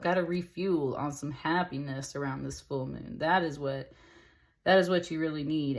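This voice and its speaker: A woman giving a casual tarot reading to camera, chatty and upbeat, speaking straight to her viewers with fillers and endearments. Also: deep voice. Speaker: tarot reader.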